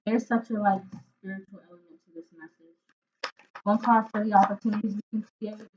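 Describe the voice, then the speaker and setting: A woman's voice: medium pitch, little pitch movement, fairly quick, darkish tone, slight background noise. A woman giving a spoken tarot reading, earnest and emotional, often searching for words and tagging lines with "right?" and "like". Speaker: intuitive tarot reader. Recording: phone-like narrow sound.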